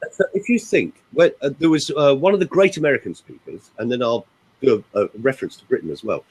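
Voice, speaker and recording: Man, voice coach, emphatic, husky tone, lively pitch. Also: poor audio. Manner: emphatic, animated, demonstrating pauses. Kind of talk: coaching talk on a group call.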